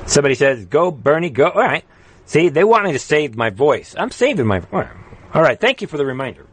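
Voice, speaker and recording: A man's voice: fairly high pitch, big pitch swings, brisk, husky. A man hosting a political livestream, ranting fiercely and urging his viewers with repeated exhortations, then reading chat comments aloud. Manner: fiery, repetitive exhortations, swings from shouting to quiet.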